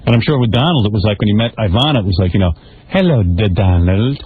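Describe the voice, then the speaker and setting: A man's voice: on the low side, expressive, rapid-fire. A male radio host trades jokes in a mocking, wisecracking way. His voice rises and falls freely. The archival audio is narrow and phone-like, with a faint hiss. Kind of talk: comic radio talk.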